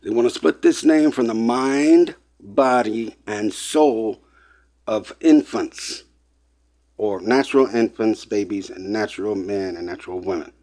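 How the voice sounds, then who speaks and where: Here an online presenter speaks a little slowly in a lowish, darkish voice. Getting worked up, he lectures his audience as people, driving points home with emphatic repetition in an impassioned monologue.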